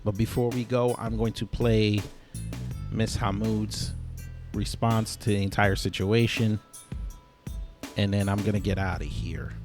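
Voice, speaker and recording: A man hosting an online commentary channel, blunt and opinionated, signing off with a joking outro. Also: on the low side.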